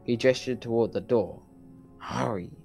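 A man hosting his own channel, chatting casually with fillers before reading a novel aloud in a steady audiobook style. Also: fairly low pitch, normal speed, soft background music. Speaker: channel host and narrator.

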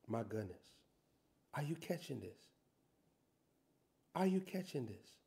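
A man preaching a sermon, reading scripture slowly and building to loud, shouted emphasis. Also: medium pitch, sing-song, vocal fry.

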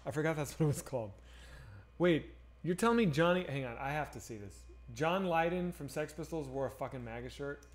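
Chatting casually with viewers while gaming on a live stream, this streamer reads chat and rambles in a profane, candid manner. He speaks fairly quickly in an expressive, higher-pitched voice.

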